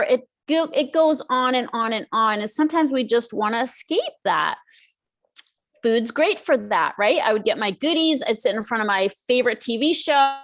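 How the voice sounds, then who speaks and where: A middle-aged woman talking as an expert guest on a podcast, chatty and animated, often acting out her own inner voice. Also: a little high, moderate pace. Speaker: guest, emotional eating expert. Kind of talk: podcast interview.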